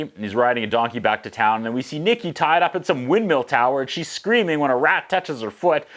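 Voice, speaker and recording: A man hosting a casual movie recap, making sarcastic, joking asides and slipping into quick voices for the characters. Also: medium pitch, expressive, fairly bright tone. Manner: casual, profane. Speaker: host.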